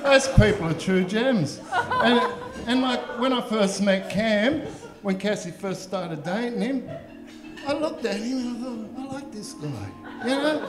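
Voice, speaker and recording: A man's voice: sits high, lively intonation, unhurried. A man giving a rambling, effusive wedding toast, laughing often. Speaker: wedding speech giver. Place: wedding reception hall. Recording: echoey hall with music and crowd.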